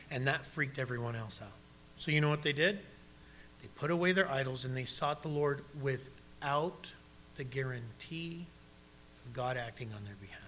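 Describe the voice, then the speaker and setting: Bright-voiced man preaching a sermon. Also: mid-range voice, normal speed, slight background noise. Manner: preaching, direct questions to the congregation. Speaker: pastor.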